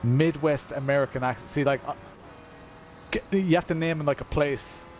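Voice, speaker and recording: A man's voice: a little high, steady tone, normal speed, darkish tone, slight background noise. A man, chatting casually on a live stream while racing, rambling and laughing often at himself. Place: home at night, kids asleep upstairs.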